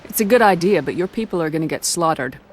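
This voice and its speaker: A woman's voice: fairly low pitch, expressive, fast talker, a little hiss or hum, lightly acted. A woman playing a decisive military commander. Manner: direct, commanding questions and orders. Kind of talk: video game dialogue.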